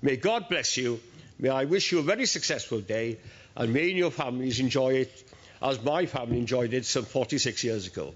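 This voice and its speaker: A man's voice: medium pitch, fairly quick, a little hiss or hum. An older man from Wales giving a graduation speech in a large hall, telling family anecdotes. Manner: storytelling, acting out quoted voices. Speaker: university ceremony speaker. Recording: dull lo-fi sound.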